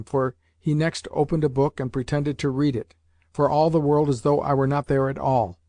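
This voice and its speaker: A man reading a novel aloud in measured, even scripted narration. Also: mid-range voice, no echo, studio quality. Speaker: audiobook narrator.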